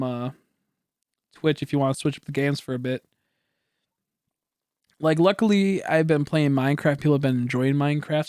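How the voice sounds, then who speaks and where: Rambling young man, slightly high voice. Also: a little mellow, dry recording, studio quality. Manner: rambling, self-correcting, swears casually. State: coughing now and then. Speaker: streamer. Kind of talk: casual chat.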